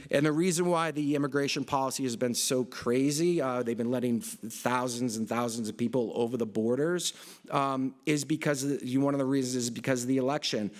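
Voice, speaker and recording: A middle-aged man speaks to a conference hall at an ordinary, mid-range pitch. He rambles from point to point, breaking off mid-sentence and filling gaps with "uh" and "you know." It sounds like an off-the-cuff live presentation. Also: fairly even intonation, fairly quick. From Boston area, United States. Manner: rambling, with many fillers and restarts.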